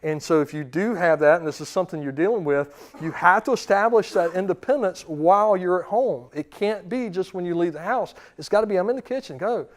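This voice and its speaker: A man in his thirties, a dog trainer, giving a seminar talk and acting out commands and dogs' thoughts. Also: sits high. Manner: forceful, acts out commands and dog thoughts in quick voices.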